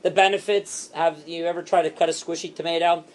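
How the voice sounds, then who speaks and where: A man training a sales team, animated and repetitive, acting out what to say to customers. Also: a little high, a little hiss or hum. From Italian heritage. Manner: animated, fast and repetitive, acts out customer lines.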